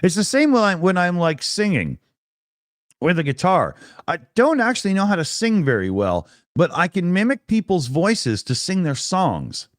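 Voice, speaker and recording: A man's voice: sits high, moderate pace, no room sound, clean studio sound. A middle-aged Canadian man co-hosting a casual chat, telling stories with laughs and swearing. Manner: animated, laughing, swearing storyteller. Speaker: co-host.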